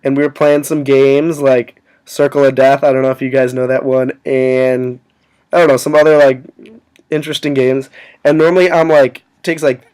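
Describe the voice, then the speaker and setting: A man's voice: mid-range voice, little pitch movement, normal speed, a little mellow, clear, resonant tone. Rambling young man full of fillers. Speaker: vlogger. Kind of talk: casual storytelling to camera.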